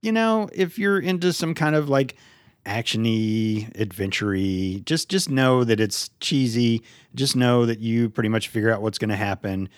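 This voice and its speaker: A man's voice: lowish voice, dry recording, studio quality. A man hosting a podcast in casual chat, joking and playful, acting out silly scenes. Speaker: podcast host.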